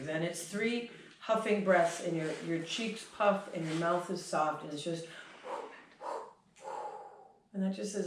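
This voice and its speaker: A woman's voice: lowish voice, normal speed, a little hiss or hum. A woman horse trainer explaining breathing signals at a clinic, chatty, breaking off to sigh and huff out demonstrations. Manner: demonstrates breath sounds, sighs and huffs, chatty. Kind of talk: explaining at a workshop. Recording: echoey hall, mic far off.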